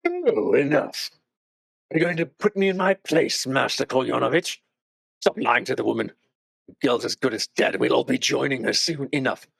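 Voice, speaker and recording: A man voicing a bitter, cynical man in a tavern who mocks the others in a slow, drawn-out way. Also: mid-range voice, expressive, vocal fry, a bit bright, no room sound. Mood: mocking.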